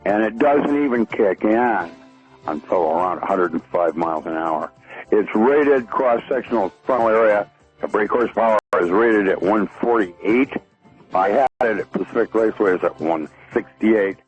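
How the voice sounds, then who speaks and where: A man's voice: fairly low pitch, animated, moderate pace, lo-fi sound, soft background music. An older man, a guest on a radio show, calling in by phone and talking enthusiastically and in technical detail, with frequent fillers and chuckles.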